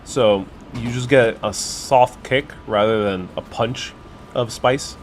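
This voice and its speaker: A man chats casually on a live stream as he tastes brunch in a city cafe, a clip-on mic catching his easygoing, mid-pitched voice. He thinks aloud, restarting phrases and filling pauses. Faint street and traffic noise sits behind him. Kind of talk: casual live-stream chat, tasting food. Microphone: wireless clip-on mic.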